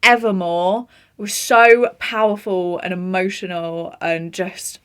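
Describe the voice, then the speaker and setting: A woman's voice: medium pitch, slow pace, clear, resonant tone. Gushing young woman reviewing films. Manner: gushing, animated, frequent laughs. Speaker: film vlogger. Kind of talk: casual film review chat.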